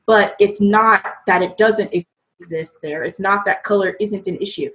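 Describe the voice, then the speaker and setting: A woman from the United States speaks as an interview guest, her voice sitting at an ordinary middle pitch. She tells a reflective story at a conversational pace, often pausing on ums and restarting her sentences. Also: fairly bright tone, poor audio.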